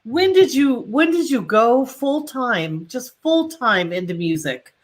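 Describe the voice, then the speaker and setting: A woman's voice: fairly high pitch, big pitch swings, slow. A woman hosting a casual chat, reading viewer comments and moving things along. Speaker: host.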